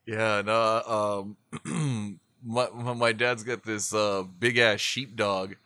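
Bright-voiced man telling casual stories. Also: fairly low pitch, little pitch movement, takes it slowly, no room sound, studio quality. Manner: laid-back storyteller, swears constantly, laughs often. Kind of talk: casual chat.

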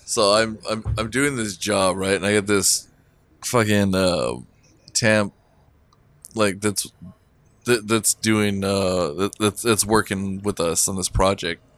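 Low-voiced, rambling man with a dry sound. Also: steady tone, slow pace, fairly bright tone, dry recording. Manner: rambling, filler-heavy, chuckling. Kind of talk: casual storytelling chat.

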